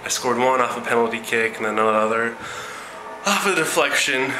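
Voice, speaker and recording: A man's voice: medium pitch, moderate pace, music in the background. A young man chatting casually in a rambling video diary. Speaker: exchange student vlogger. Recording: echoey room, faint noise.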